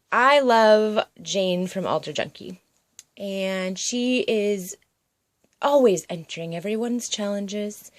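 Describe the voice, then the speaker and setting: A paper crafter shows off a handmade project, chatting and rambling with lots of ums and side comments. Her voice sits at medium pitch, and the recording has no echo.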